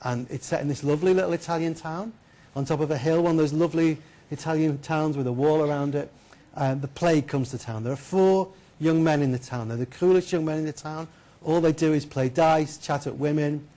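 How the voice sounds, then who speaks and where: Lively, chatty male storyteller. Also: fairly high pitch, moderate pace. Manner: lively, chatty, asks the audience questions. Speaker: keynote speaker. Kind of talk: storytelling lecture to an audience. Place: lecture hall.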